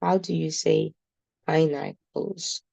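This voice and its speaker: A woman's voice: sits low, flat delivery, takes it slowly, gravelly, mellow, no echo, low-quality recording. A woman with a Nigerian accent teaching a beginner German class, patiently repeating words for her students. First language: Nigerian English speaker.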